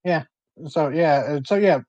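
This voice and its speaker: A man's voice: on the high side, unhurried, a little mellow, dry recording, lo-fi sound. A man running a tabletop game as game master, talking loosely with restarts. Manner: casual, loose, stop-start.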